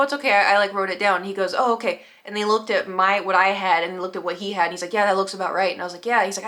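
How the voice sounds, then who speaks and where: A young woman telling a storytime vlog, animated, acting out other people's lines in quick quoted voices. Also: mid-range voice. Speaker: vlogger. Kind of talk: casual storytime.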